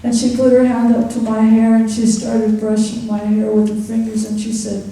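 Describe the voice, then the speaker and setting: A woman's voice: on the high side, completely flat delivery, moderate pace, mellow, lightly acted. A woman performing a poor young trailer-park mother in a live one-woman theatre monologue, confiding her story and addressing the listener by name. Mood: earnest. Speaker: stage character. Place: theatre stage. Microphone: distant stage mic. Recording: echoey theatre from far off.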